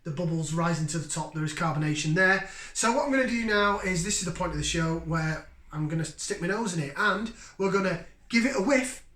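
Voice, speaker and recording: A man with a fairly high voice, hosting a relaxed beer review. He talks to his viewers in a chatty, enthusiastic way. The recording carries a noticeable room echo. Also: fairly quick, hardly any pauses. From Yorkshire, England. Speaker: beer review channel host. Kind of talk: casual beer review vlog. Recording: roomy, echoey room sound.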